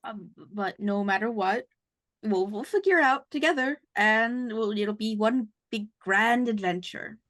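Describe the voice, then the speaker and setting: A woman's voice: medium pitch, measured pace, a bit bright, no room sound. A woman playing a tabletop game, hesitant and repeating her words in casual chat. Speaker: player.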